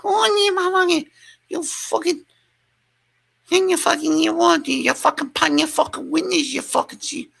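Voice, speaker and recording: A man putting on the voice of a furious woman who shouts garbled, slurred swearing. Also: very high voice, steady tone, moderate pace, gravelly, voice pushed up, full character voice. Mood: ranting, shrill. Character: shrieking furious woman spitting garbled curses.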